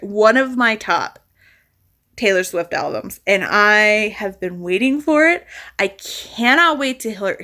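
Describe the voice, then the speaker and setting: A fairly high-voiced woman chats to her camera in a casual reading vlog. She rambles and gets excitable, restarting her sentences as she goes. A light Southern lilt creeps in now and then. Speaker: reading vlogger.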